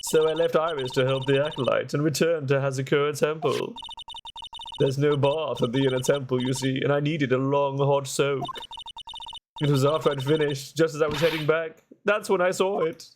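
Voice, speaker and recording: A man's voice: on the high side, steady tone, normal speed, voice pushed up, natural voice. A brash, chatty older nun who teases everyone in the room, as a man puts her on in a game playthrough. She talks in a bold, cheeky way. The recording carries a noisy background.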